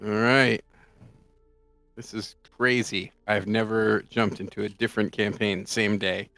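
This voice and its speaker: A man plays a tabletop game, cracking jokes and counting his dice rolls out loud. His voice is smooth and clear and sounds dry, with faint music behind him. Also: on the low side, flat delivery, unhurried, dry recording. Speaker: player.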